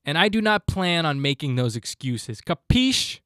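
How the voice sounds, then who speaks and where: A man's voice: fairly high pitch, expressive, normal speed, a bit bright, no room sound, clean studio sound. Fired-up young man ranting on his podcast. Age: 20s. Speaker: podcast host. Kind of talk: solo podcast monologue.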